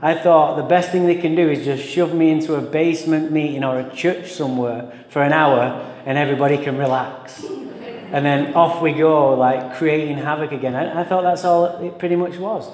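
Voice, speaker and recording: A man's voice: on the high side, steady tone, normal speed, a little mellow. A middle-aged man from England with an English accent, giving a humorous, profane, self-mocking talk to a meeting audience. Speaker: speaker at a recovery meeting. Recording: echoey hall with long reverb.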